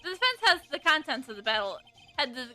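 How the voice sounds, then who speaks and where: A flustered young lawyer, bright and high, leaping between calm reasoning and triumphant shouts, as a woman voices him for a game. Faint game music runs behind. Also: fast talker, heavily acted. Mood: excited. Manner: excitable, shouting objections.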